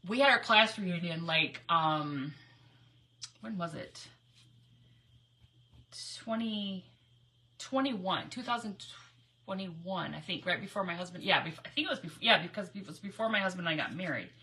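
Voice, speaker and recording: Bright-voiced, giggly woman crafting live. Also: medium pitch, lively intonation, moderate pace, pauses often. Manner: chatty, giggly, rambling storyteller. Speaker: crafting livestream host. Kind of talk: casual live crafting chat.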